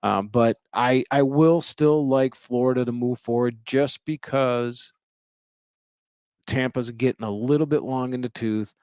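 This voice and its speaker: A middle-aged man co-hosting a casual hockey podcast, opinionated and measured as he lays out predictions. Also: medium pitch, a little mellow, smooth, no echo. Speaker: podcast co-host.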